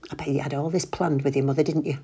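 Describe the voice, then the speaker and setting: Woman reading as a husky, snide husband, low voice, talks fast and loud. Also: flat delivery. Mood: mocking. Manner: mocking, loud and quick. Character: grumpy, sarcastic middle-aged husband.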